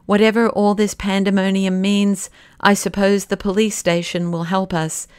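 A resolute young gentleman who speaks urgently and gives commands, as a woman narrator voices him in a classic novel audiobook. The voice is smooth and the recording is dry and close. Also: mid-range voice, level tone, normal speed, dry recording, lightly acted. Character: resolute young English gentleman leading the fight.

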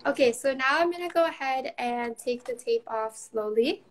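A woman's voice: sits high, moderate pace, background noise. A young adult woman hosting a live painting session, upbeat and encouraging, chatting casually as she paints. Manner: encouraging, upbeat, laughs often. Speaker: live-stream painting host. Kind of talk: casual chat while painting.

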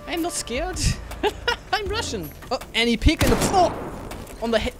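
A woman gaming streamer giving excitable gameplay commentary, with loud outbursts, swearing and jokes. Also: high voice, a little slow. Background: background music.

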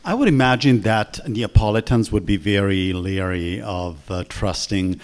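A man from Italy, a journalist asking measured questions as interviewer onstage. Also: fairly low pitch.

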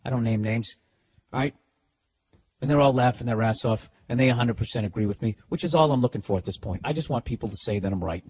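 Husky, ranting middle-aged man. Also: mid-range voice, fast talker, darkish tone. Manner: profane, sarcastic, rambling rant. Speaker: podcast host. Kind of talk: ranting comedic monologue.

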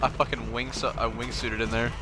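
A man chatting and swearing loudly while playing a co-op shooter with friends, reacting with quick outbursts and laughter. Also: medium pitch, little pitch movement, over music. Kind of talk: casual gameplay chat.

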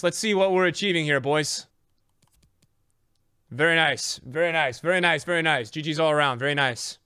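Dude streaming a game, kinda high voice, sarcastic banter, yells at his players a lot. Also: normal speed, long pauses, smooth, no room sound, clean studio sound, soft background music. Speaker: gaming streamer. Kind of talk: live gameplay commentary.

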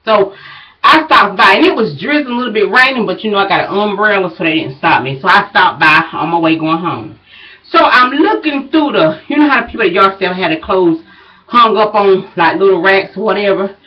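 A woman vlogger, out of breath, chats casually and folksily to her viewers, full of chatty talk and drawling asides. Her voice is medium-pitched and brisk with lively intonation. It's a dull, distant home recording.

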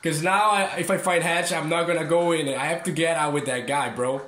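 A man giving excitable, swearing commentary over a horror game. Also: a little high, fairly quick, reverberant, a little hiss or hum. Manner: excitable, swearing, yelps and laughs. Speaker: gaming streamer. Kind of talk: casual gameplay commentary.

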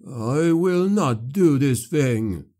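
A horrified, defiant priest, voiced by a male narrator pleads in a raised, strained voice, slow and anguished in a dark storybook reading. The pitch climbs well above the narrator's own. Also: lively intonation.

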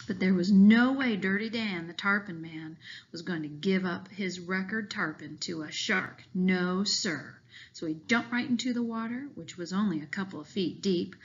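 Teacher reading aloud to kids, woman, mid-range pitch, lively storytelling, slightly muffled lo-fi sound. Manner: expressive reading, voicing the characters lightly. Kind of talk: children's novel read-aloud.

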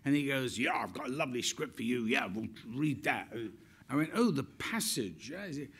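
Older man, gravelly bright storyteller. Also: mid-range voice, moderate pace. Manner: lively, irreverent storyteller, acts out quotes. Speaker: actor telling stories. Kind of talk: on-stage interview anecdote.

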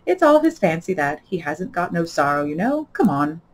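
A woman voicing a bossy male gryphon in a read-aloud storybook, loud and brusque with folksy, ungrammatical speech. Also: on the low side, very animated, moderate pace, a little hiss or hum. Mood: gruff, scolding.

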